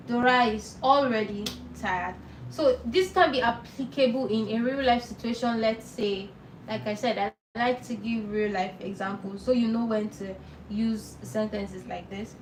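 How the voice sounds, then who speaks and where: A woman teaching a live online language lesson, patiently explaining and repeating words slowly. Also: on the high side, far from the mic. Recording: roomy echo, off-mic, faint noise.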